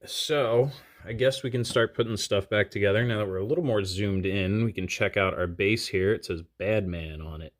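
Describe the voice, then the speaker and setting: A man with a notably low voice narrates an unboxing in a relaxed, chatty way. He thinks aloud, fills pauses with "uh" and "um", and pokes fun at himself as he handles small pieces indoors at a desk. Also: slight background noise. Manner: chatty, self-deprecating, thinks aloud with fillers. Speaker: diecast collector channel host. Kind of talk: casual unboxing commentary.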